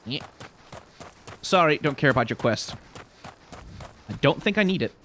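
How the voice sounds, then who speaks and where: A man's voice: fairly high pitch, animated, moderate pace, a bit bright, slight background noise. A man hosting a let's play, rambling playfully and mocking himself while he plays. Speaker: gaming channel host.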